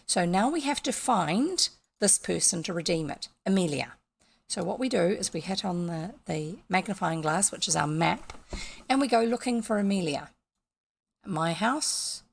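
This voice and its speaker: A woman's voice: lowish voice, lively intonation, normal speed, creaky, slightly rough. A woman with a New Zealand accent, chatting casually as she plays a video game and explains each step to her viewers. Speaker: gaming vlogger.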